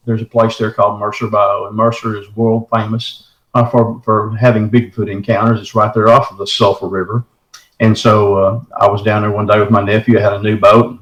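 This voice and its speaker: Folksy and animated, a middle-aged man with a lowish voice casually recounts his own encounter in the first person, often dropping the word "man." The recording sounds roomy and the audio quality is poor.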